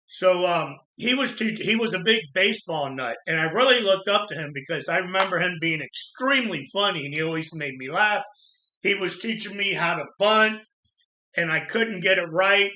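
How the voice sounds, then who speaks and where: Earnest man with a bright voice. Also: high-pitched. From Florida. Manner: earnest, halting, with pauses and restarts. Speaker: vlogger telling his life story. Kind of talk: personal storytelling monologue. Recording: echoey room.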